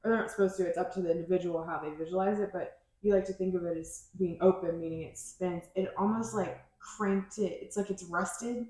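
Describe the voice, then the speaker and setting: A woman's voice: fairly low pitch, steady tone, fairly quick, hardly any pauses, dark tone. A woman podcast host in casual chat, rambling and searching for her words with many fillers. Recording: very echoey room.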